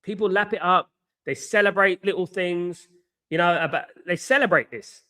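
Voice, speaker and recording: A man with a somewhat high voice hosts a live football watchalong and rants at his viewers. He sounds worn out and frustrated, circling back to the same points with plenty of ums and restarts. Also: normal speed, sharp tone. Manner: frustrated, repetitive ranting with many fillers. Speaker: host of a football fan channel.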